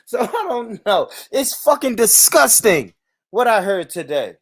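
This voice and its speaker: A man's voice: high-pitched, big pitch swings, unhurried, no room sound. A man hosting a livestream, ranting in a heated, profane, repetitive way. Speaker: livestream host.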